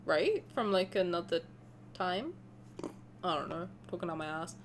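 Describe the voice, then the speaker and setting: A young woman streaming a game reaction, excitable and gushing, laughing and swearing. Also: lowish voice, measured pace, slight background noise.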